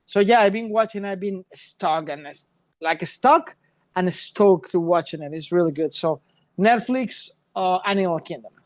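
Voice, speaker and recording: A man's voice: sits high, unhurried, no echo. Male podcast co-host, loose rambling chat, dry close mic. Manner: loose, rambling, playful, switches into Spanish. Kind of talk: casual chat.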